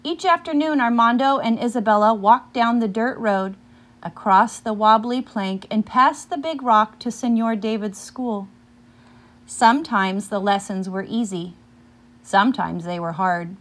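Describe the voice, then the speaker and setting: Pitched fairly high, a woman's voice reads a picture book aloud, with occasional pauses to ask listeners about the story.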